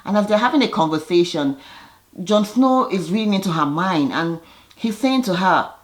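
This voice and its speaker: A woman recaps a TV episode in a relaxed, conversational way. She is animated and chatty, with restarts and fillers. Now and then she briefly mimics the characters' lines. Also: on the low side. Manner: animated, slips into quick impressions of characters. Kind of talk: casual retelling of a TV episode.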